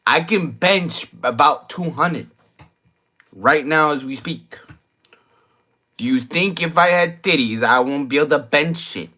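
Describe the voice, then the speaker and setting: A man's voice: a little high, unhurried, pushed and bright. A young man, tipsy from drinking, rambling through a crude, slang-heavy late-night monologue and repeating his points. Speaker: vlogger.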